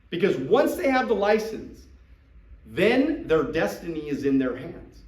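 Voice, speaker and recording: Animated man coaching a room. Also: on the high side, unhurried, reverberant, distant mic, rough recording. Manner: animated, acts out sales dialogues. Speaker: business trainer coaching recruits. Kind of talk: live coaching talk to a group.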